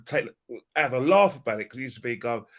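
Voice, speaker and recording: A man's voice: medium pitch, expressive, fast talker, a bit bright. A man chatting on a casual podcast who tells an anecdote with hesitant restarts. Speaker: podcast guest.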